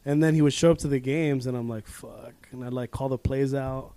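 Mellow, joking man in a dry room. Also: mid-range voice, steady tone, brisk, no echo. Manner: joking, profane banter. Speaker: podcast host. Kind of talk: casual podcast chat.

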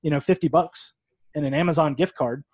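Casual male podcast co-host, slightly high voice, rambling and profane, close dry mic. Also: brisk, a little mellow, husky, no room sound. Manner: laid-back, profane, rambling. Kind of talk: casual chat.

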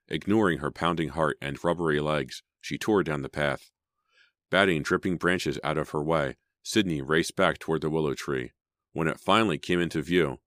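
A man with an extremely deep voice narrating a horror audiobook. He builds suspense line by line, and the recording sounds dry and close. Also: a bit bright, no echo. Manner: dramatic, suspenseful storytelling.

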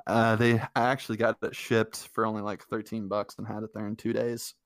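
A man's voice: fairly low pitch, level tone, fairly quick. A young man co-hosting a casual podcast, a new father, talking in an easygoing way and laughing often. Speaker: podcast co-host.

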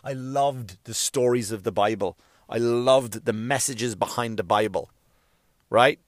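A man's voice: mid-range voice, measured pace, no echo, clean studio sound. A male comedian delivering a profane, emphatic solo rant, hammering his points home through repetition.

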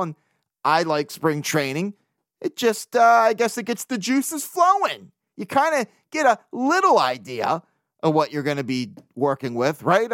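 A man's voice: a little high, fairly bright tone, dry recording, clean studio sound. Joking man hosting a sports podcast. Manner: loose, joking, swears casually, laughs often. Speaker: podcast host. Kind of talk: casual solo sports podcast.

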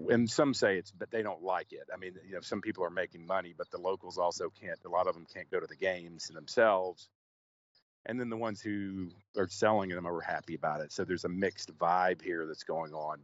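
A man's voice: deep voice, muffled recording. A man reporting on location for a podcast, talking casually with many restarts and fillers.

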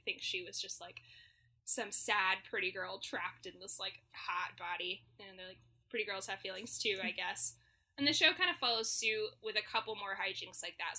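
A woman's voice: on the high side, bright, forceful tone. A woman co-hosting a podcast, chatting casually and laughing often as she recaps a musical. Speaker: podcast co-host. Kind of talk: casual chat summarizing a musical.

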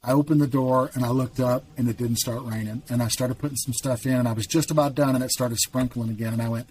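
A middle-aged man telling his faith testimony in casual talk, as an earnest storyteller with quick asides. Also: medium pitch, fairly even intonation, a little mellow, slight background noise. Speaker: podcast guest.

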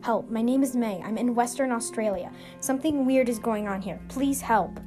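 A frightened runaway girl, urgent and pleading, her voice high, as a woman acts her out. Clear music runs underneath. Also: normal speed, lightly acted. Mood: desperate.

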